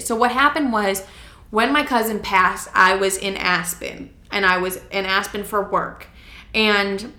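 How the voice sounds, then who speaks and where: A woman's voice: medium pitch, sharp tone. A young adult woman hosting a podcast, telling a story in a chatty, casual way with lots of "like" and free swearing. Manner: chatty, heavy use of "like", swears freely. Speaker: podcast host. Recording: roomy echo.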